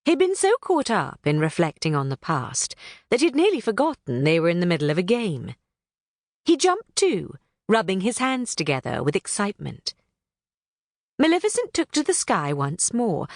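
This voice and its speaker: Animated woman narrating a children's book. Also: fairly low pitch, normal speed, no echo, clean studio sound. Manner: animated, storytelling. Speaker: audiobook narrator.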